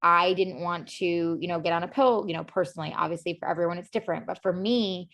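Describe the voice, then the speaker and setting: On a podcast, a woman shares her own story candidly, earnest and emotionally open, peppering it with "like" and "you know." Her voice is on the low side and a bit bright, holding a steady tone while she talks fast.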